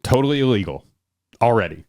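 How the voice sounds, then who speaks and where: A man's voice: mid-range voice, expressive, fast, a little mellow, dry recording, studio quality. A man co-hosting a podcast, in casual political chat with chuckling asides. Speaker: podcast co-host.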